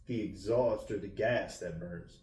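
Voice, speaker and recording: A man's voice: deep voice, measured pace, a little mellow. Swearing, laughing podcast co-host man. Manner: laughs often, swears freely. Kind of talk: casual banter. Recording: roomy sound, distant mic.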